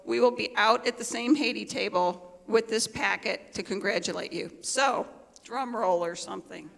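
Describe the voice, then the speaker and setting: A woman organizing an event, drawing a raffle winner and chatting excitedly to the audience from the stage. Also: mid-range voice, moderate pace, gravelly. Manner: chatty and excited, reassures the crowd. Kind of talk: stage announcement. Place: large performing arts hall. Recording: long hall reverb with faint crowd and noise.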